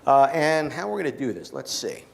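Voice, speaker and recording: A man's voice: a little high, sing-song, a little fast, gravelly. A man giving a keynote talk with magic to a small gathering, telling stories playfully and leading the audience through participation.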